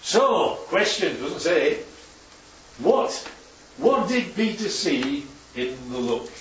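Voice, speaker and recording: Echoey preacher, chatty tag questions. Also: male voice, a little high, sing-song, takes it slowly, slight background noise. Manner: chatty, constant tag questions like right and yeah. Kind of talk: conversational sermon with slides. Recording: echoey hall, distant dull mic.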